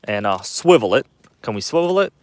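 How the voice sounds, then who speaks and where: A man's voice: fairly low pitch, big pitch swings, a little fast, no echo. A man hosting a casual livestream from inside his parked car at night, chatting loosely and greeting viewers by name. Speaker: livestream host. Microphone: phone.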